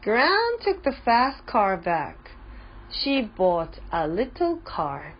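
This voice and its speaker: A woman reads a children's picture book aloud at a very slow, deliberate pace. Her voice is breathy, and her pitch moves expressively across a wide range. The recording sounds dull and lo-fi. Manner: slow, carefully paced, expressive reading. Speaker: storybook reader. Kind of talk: children's story read-aloud.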